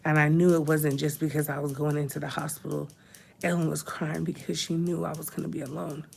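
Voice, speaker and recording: A woman's voice: sits low, flat delivery, a little fast, creaky, breathy edge. A woman, crying as she talks openly in a personal vlog from a hospital room. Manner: tearful, talks through crying. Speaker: vlogger.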